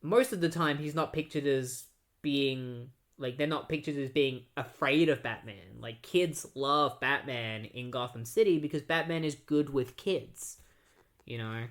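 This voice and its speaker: A man's voice: medium pitch, a little slow, a bit bright. A man casually recapping comic book issues, rambling with lots of filler words. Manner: rambling, full of "like" and "you know". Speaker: comic book podcast host.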